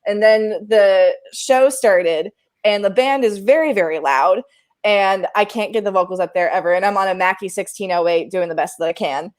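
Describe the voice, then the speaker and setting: A woman who works as a live sound engineer, telling a story in casual podcast chat, animated and self-deprecating, laughing often. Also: mid-range voice, moderate pace.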